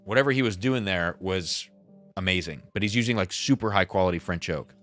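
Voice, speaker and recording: Low-voiced male stream host, loose and self-deprecating, reading chats over faint background music. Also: fairly quick, fairly bright tone. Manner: rambling, self-deprecating, reads viewer chats aloud. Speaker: livestream host. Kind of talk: casual livestream chat.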